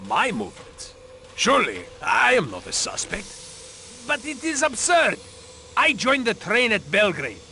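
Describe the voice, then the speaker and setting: An actor playing a proud, defensive doctor in a murder mystery game, indignant at being suspected. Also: male voice, high-pitched, vocal fry, pushed and bright, slight background noise, full character voice. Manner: indignant, protests innocence.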